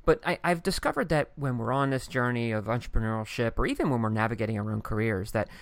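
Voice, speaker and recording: Fast-talking effusive male interviewer. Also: mid-range voice, dry recording. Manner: effusive, long run-on questions. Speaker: podcast host, interviewer. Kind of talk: casual interview chat.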